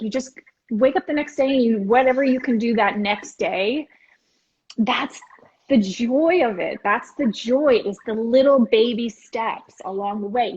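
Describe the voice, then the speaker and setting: A woman with a fairly high, husky voice chats as an interview guest, upbeat and lively, slipping into little acted-out quotes. Her sound comes over a dull, lo-fi remote connection from home. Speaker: entertainment correspondent, guest. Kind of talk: casual interview chat.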